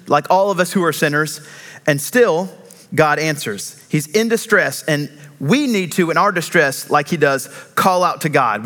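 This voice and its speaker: Guy preaching, earnest and emphatic, kinda higher voice, slows on the big lines. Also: fairly bright tone. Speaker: pastor. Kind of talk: sermon.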